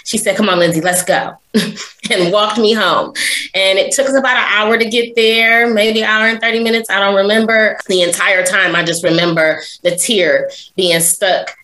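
A woman's voice: mid-range voice, steady tone, moderate pace, pushed and bright, rough recording. Earnest woman telling her life story. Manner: earnest, confessional, often adds "right?" and "you know". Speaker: guest. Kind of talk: personal storytelling in an interview.

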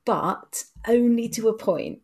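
A woman, co-hosting a podcast as a teacher, chatting in a reflective, animated way. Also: a little high, slow pace. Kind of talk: casual discussion.

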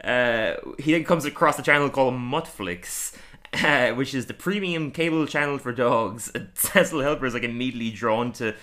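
Bright voiced guy cohosting a podcast, rambly, laughs a lot. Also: medium pitch, normal speed. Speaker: podcast co-host. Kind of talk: casual chat.

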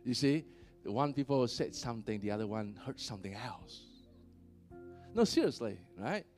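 Male pastor, mid-pitched, animated sermon delivery with easy laughs, faint music under. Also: normal speed. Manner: animated, often laughs, checks in with "right?". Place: church.

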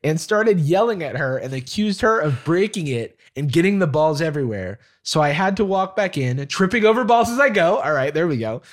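A man co-hosting a podcast, reading a listener's email aloud and breaking off to laugh and comment. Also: fairly high pitch. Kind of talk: casual chat, reading a letter aloud.

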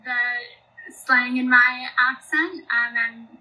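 A woman's voice: on the high side, fairly even intonation, slow pace, sharp tone, low-quality recording. A young American woman with a slight Australian tinge, talking earnestly as a consultant guest on a podcast, often saying "you know" and "um". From United States. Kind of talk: podcast interview.

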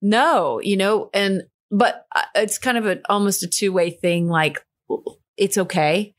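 A woman's voice: medium pitch, unhurried. A woman hosting a podcast, reflective and supportive in a conversational interview. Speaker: podcast host.

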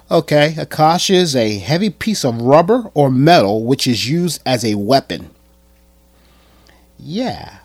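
A man commenting on a clip he plays for his viewers, animated and emphatic, often stammering and repeating words. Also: on the high side, no echo. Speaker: video commentator. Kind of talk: reaction commentary.

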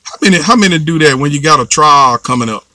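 A man's voice: a little high, expressive, fast, bright, forceful tone. A man preaching a fervent sermon, urging the congregation with repeated calls and responses. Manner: fervent, repetitive exhortation with call-and-response.

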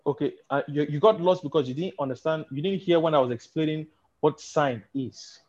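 Nigerian male preacher, higher-pitched, fires off rhetorical questions, dull lo-fi sound. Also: a little fast, a little mellow. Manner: rhetorical questions, bursts of laughter. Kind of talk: teaching sermon, livestream. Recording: dull lo-fi recording.

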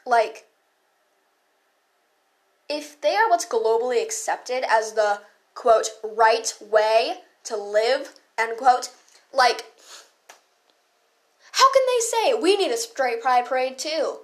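A teenage girl hosts her own podcast with a fairly high voice. She talks at an unhurried pace but in a heated, profane rant. Her sentences are full of fillers and side comments. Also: very animated, fairly bright tone. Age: teens. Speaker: podcast host. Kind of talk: casual ranting monologue.

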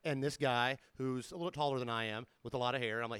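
A man's voice: medium pitch, fairly even intonation, fast, a bit bright, smooth, dry recording. A man from Georgia co-hosting a podcast, rambling through stories and chuckling as he talks. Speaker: podcast co-host. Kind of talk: casual storytelling chat.

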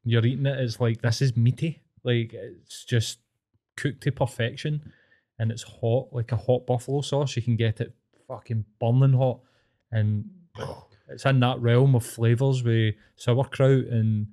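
Mellow-voiced Scottish man, eager and sweary. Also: medium pitch, fairly even intonation, unhurried. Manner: enthusiastic, sweary banter. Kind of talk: casual chat.

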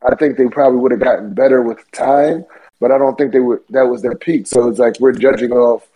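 A man's voice: mid-range voice, fairly even intonation, a little fast, slightly rough, lo-fi sound. A man co-hosting a podcast in casual chat, laid-back, with many filler words and swearing. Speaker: podcast co-host.

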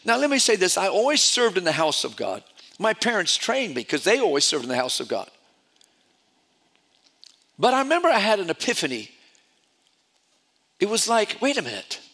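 A man's voice: high-pitched, moderate pace, gravelly, long pauses. A man preaching a sermon, telling stories animatedly and often repeating his words. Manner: animated storytelling with repetitions.

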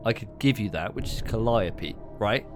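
A man's voice: on the low side, moderate pace, over music. A man co-hosting a casual podcast, bantering and swearing while his friends take shots. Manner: banter-heavy, swearing, animated. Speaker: podcast co-host. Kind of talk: casual drinking-game chat.

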